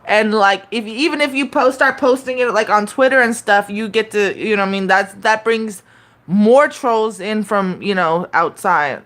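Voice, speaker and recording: A woman's voice: mid-range voice, normal speed, a bit bright. A woman in her thirties chatting casually on a live stream, loose and profane, rambling with lots of fillers and restarts.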